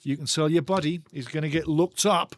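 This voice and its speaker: A man's voice: on the high side, fairly quick, dry recording. A man hosting a live football watchalong, talking passionately and ranting about refereeing calls in a chatty way. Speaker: watchalong host.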